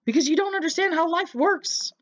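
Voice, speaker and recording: A woman's voice: very high-pitched, fairly quick, a bit bright, lo-fi sound. A woman giving casual reaction commentary, mocking and lecturing the person in a clip.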